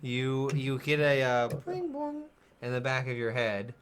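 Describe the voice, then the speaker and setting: A man narrating a tabletop game as game master, playful and quick. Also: medium pitch, lively intonation, background noise.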